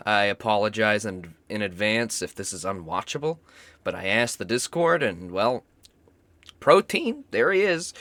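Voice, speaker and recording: A young man talks through a stream while sick, his voice hoarse and cracking, with a cough. He rambles, swears and makes fun of himself in a bright, forward tone. The sound is dry and close, like a desk mic. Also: lowish voice, no echo. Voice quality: rough, cracking voice. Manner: rambling, self-mocking, swears often. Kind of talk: casual gaming stream chat.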